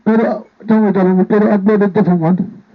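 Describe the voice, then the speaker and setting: A vlogger with a high, steady voice talks quickly into a handheld mic. His chatter to an off-camera partner is playful, repetitive and rambling, and the sound quality is thin and phone-like.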